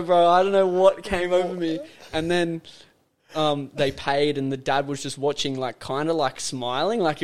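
A man's voice: on the high side, smooth. A young man with an Australian accent, a podcast guest telling a story in a loose, slangy way, full of fillers. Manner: animated, slangy, lots of fillers. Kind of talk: casual storytelling chat.

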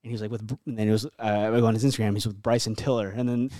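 A man's voice: lowish voice, fairly even intonation, racing, mellow, dry recording. Chatty young man with a dry sound. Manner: loose and chatty, full of "like" fillers, swears freely. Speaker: podcast guest. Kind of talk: casual storytelling chat.

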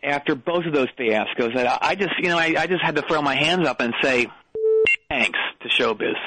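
A man playing a confused, rambling washed-up male comedian who calls in, in a comedy phone bit, with a husky voice that jumps up high. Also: brisk, heavy background noise, lightly acted. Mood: bemused. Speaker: caller.

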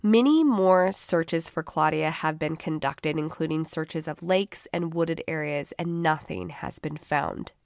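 A woman hosting a true crime podcast, with a groggy voice and a measured, sober delivery. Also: deep voice, creaky, a little mellow, no echo, studio quality. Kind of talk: scripted narration.

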